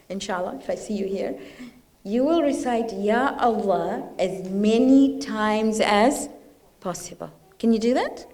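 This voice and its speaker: A woman's voice: a little high, darkish tone. A woman speaking at a religious gathering, talking informally and often putting questions to the audience. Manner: conversational, asks the audience questions.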